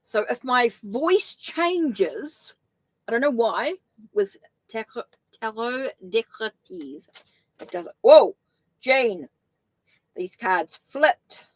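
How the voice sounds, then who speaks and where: A woman's voice: a little high, expressive, takes it slowly, pauses often, no room sound, rough recording. Chatty New Zealand woman reading tarot. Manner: chatty, thinks aloud, many restarts. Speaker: tarot reader. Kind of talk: live-stream tarot reading.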